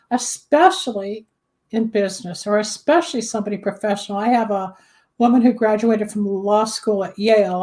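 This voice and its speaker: A woman's voice: a little high, darkish tone. A woman hosting a talk show, chatty and explaining things with everyday kitchen examples. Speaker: host, candle magic practitioner. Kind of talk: casual talk show chat.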